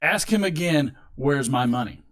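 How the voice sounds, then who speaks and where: A man's voice: on the high side, lively intonation, normal speed, fairly bright tone. A man voicing an angry male mob boss who keeps demanding his money while telling a joke.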